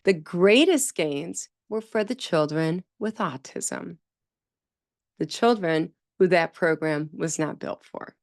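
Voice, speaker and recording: A woman talks straight into a close microphone, and the sound is dry with no room around her. She hosts a speech therapy podcast in an animated way. She leans on repeated words and acts out the voices of the people she quotes. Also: on the low side, dry recording. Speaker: speech-language pathologist podcast host. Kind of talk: solo podcast talk.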